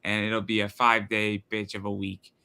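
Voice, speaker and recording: A man's voice: on the low side, monotone, normal speed, vocal fry, noisy background. A man hosting a live stream, easygoing as he wraps up the show. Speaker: host. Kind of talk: casual sign-off on a live stream.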